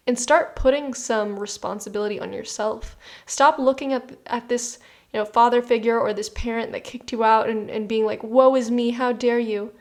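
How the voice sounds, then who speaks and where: A woman's voice: fairly high pitch, fairly even intonation, normal speed. Earnest woman giving a tarot reading. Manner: earnest and reassuring, addresses listener directly; conversational with frequent "you know" and restarts. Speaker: tarot reader. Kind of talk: spoken tarot reading to the viewer.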